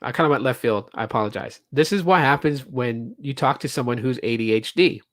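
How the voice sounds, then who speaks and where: A man's voice: mid-range voice, a little fast, fairly bright tone, dry recording, studio quality. A man hosting a casual solo podcast, telling stories in a rambling way full of fillers and restarts, and acting out what customers said. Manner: acts out quoted customers and reps. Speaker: podcast host.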